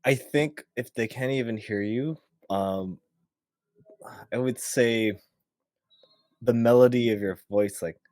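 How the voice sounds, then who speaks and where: A man hosting a podcast in casual chat, playful and animated, acting out little voices. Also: medium pitch, slow pace, long pauses, no echo. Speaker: podcast host.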